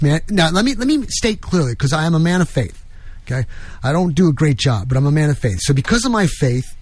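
A man's voice: fairly high pitch, no echo. A man hosting an opinionated talk show, talking emphatically with frequent restarts. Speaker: show host.

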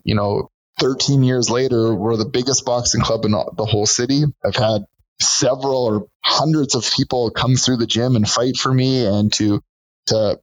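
A middle-aged man speaking as a podcast guest, his voice at an ordinary pitch. He tells his story earnestly and plainly, in a relaxed conversational flow. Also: rough recording. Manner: earnest, storytelling, acts out quotes of others. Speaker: podcast guest, boxing gym owner.

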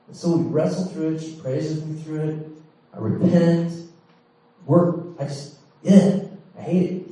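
A man's voice: a little high, moderate pace, dark tone. A middle-aged man preaching, telling a candid personal story with laughs and dramatic swings. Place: large church hall. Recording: echoey hall, mic from far off.

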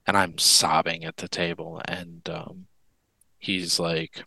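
Podcast guest, male, deep creaky voice with a bright edge, candid storytelling. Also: level tone, dry recording, poor audio. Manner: earnest and candid, with halting restarts. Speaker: interview guest. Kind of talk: personal storytelling in a podcast interview.

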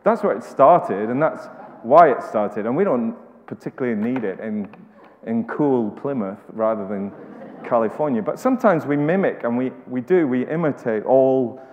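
A man's voice: medium pitch, lively intonation, normal speed, a little mellow, a little hiss or hum. A man preaching a sermon in a conversational way, often restarting and repeating words. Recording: echoey hall, slightly dull sound.

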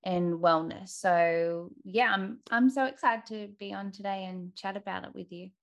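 A woman's voice: medium pitch, normal speed, vocal fry. A young woman with an Australian accent, a podcast guest chatting in a friendly, cheerful, slightly scattered way. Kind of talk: casual interview chat.

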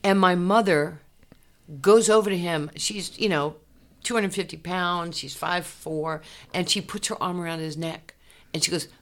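A woman, a former athlete telling her life story in an interview, animated and laughing often. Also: on the low side, a little slow. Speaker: interview guest, former basketball player. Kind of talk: candid personal storytelling.

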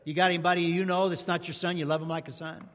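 A pastor preaching a sermon to his congregation, telling folksy stories and rising to loud exclamations. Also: fairly high pitch, level tone, fast talker. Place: church sanctuary. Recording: long hall reverb in church.

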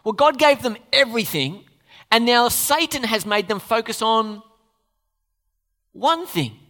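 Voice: medium pitch, expressive, a little slow, sharp tone. A preacher giving a sermon in a conversational way, asking the congregation questions and adding playful asides. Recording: long reverb of a large hall.

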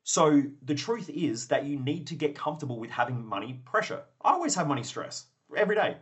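Man, podcast host, rapid delivery, blunt, profane, motivational monologue. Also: a little high, very animated. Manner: blunt and profane, acts out both sides of conversations.

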